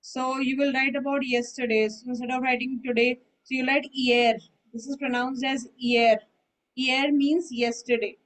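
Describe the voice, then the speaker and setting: A woman's voice: sits high, steady tone, normal speed, fairly bright tone, rough recording. A woman teaching French in an online lesson, explaining patiently and often checking that her student understands. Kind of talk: online one-on-one language lesson.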